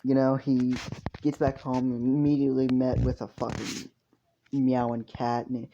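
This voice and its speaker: A man's voice: medium pitch, completely flat delivery, normal speed, slight background noise. A young man improvising a story casually, rambling and crude, often correcting himself, recorded at home on a dull lo-fi mic. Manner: rambling, crude, self-correcting, with frequent fillers. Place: home room with a pet cat.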